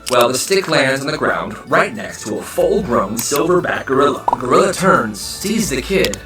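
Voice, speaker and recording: Animated male storyteller, echoey and distant. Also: mid-range voice, normal speed. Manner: animated, exclaiming. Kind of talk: storytime narration. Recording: roomy distant voice over faint music.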